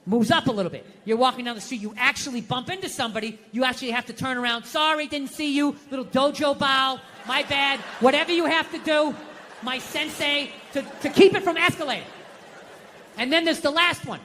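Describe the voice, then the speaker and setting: Speaking a little fast in a very high-pitched voice, a man performs stand-up on a large theater stage, animatedly telling stories and acting out his inner monologue. A little hiss or hum comes through, along with live theater reverb and faint audience sounds.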